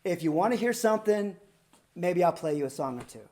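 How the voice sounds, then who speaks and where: A refined, gracious older gentleman speaks in a polite, modest manner, gently brushing off attention, as a woman acts him out. His tone stays courteous and unhurried. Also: lowish voice, lively intonation, close to an everyday voice. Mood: yielding. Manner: polite, modest, softly declining.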